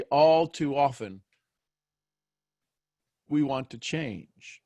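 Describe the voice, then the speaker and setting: A man's voice: mid-range voice, a little mellow, no room sound, studio quality. A man hosting a daily motivational show, talking live to listeners. He keeps asking them questions and repeats phrases as he builds each point.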